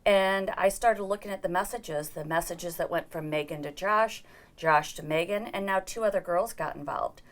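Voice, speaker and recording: Earnest middle-aged woman, low voice. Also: moderate pace. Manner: earnest storytelling, acting out quoted dialogue. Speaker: interview guest. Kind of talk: personal account in an interview.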